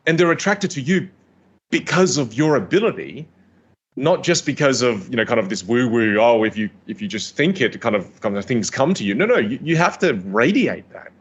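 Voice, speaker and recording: A man coaching on communication in a podcast interview, energetic and emphatic, stressing points by repeating words. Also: medium pitch, normal speed, slightly rough, lo-fi sound.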